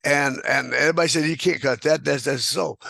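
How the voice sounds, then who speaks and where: A man's voice: a little high, fairly even intonation, fairly quick, gravelly, sharp tone, no echo. An older man, a guest telling rambling anecdotes with chuckles and restarts. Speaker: guest square dance caller. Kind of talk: casual storytelling interview.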